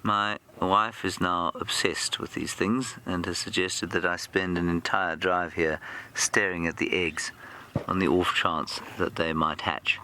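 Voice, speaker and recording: A man's voice: low voice, steady tone, a little slow, sharp tone, slight background noise. A man guiding a live game drive outdoors, giving advice and commentary with dry, self-deprecating humor. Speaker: safari guide. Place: outdoors in the bush.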